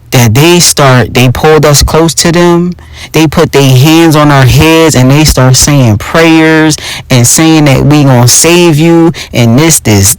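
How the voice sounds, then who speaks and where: A young adult man with a Philadelphia accent telling a personal story in a casual, profane, animated monologue as podcast host. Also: fairly high pitch, smooth, no room sound, rough recording. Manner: animated, profane, addresses listeners as y'all.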